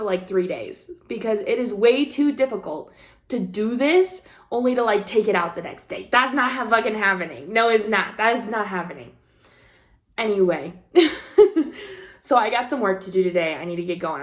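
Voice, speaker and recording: A young woman craft vlogger telling a story in casual chat, with frequent laughs and the odd swear word. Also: mid-range voice. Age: young adult.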